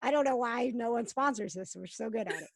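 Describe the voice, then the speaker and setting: High-voiced playful woman podcast host. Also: brisk, creaky, no echo, studio quality. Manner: playful, mock announcer bits and mouth sound effects. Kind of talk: casual podcast chat.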